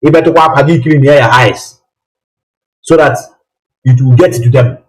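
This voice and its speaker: A man's voice: mid-range voice, moderate pace, low-quality recording. A man hosting a live political call-in broadcast, talking emphatically with repeated rhetorical questions.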